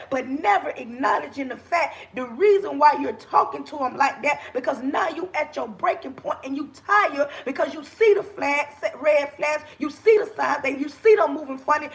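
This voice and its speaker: A woman talks straight to her viewers on a phone livestream, preachy and animated. Her voice sits high and carries a gravelly edge. The tone is bright and pointed. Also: moderate pace, hardly any pauses. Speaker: livestream host. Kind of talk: casual livestream talk. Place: home kitchen.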